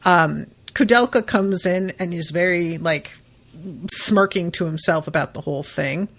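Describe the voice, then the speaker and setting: A woman's voice: lowish voice, measured pace, a bit bright. A woman hosting a podcast, recapping a book in a loose, chatty way with lots of fillers and casual swearing. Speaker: podcast host.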